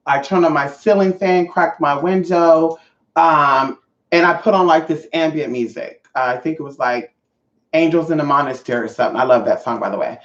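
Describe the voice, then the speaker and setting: A young woman vlogger telling a profane, animated storytime monologue straight to her viewers. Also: sits low, normal speed. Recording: roomy, slightly dull audio.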